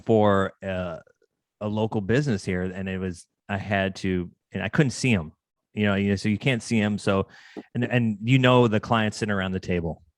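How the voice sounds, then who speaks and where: A man hosts a casual podcast, talking with chatty, animated energy as he tells stories. His voice sits low, and the recording is dry and close. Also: normal speed, dry recording. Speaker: podcast host.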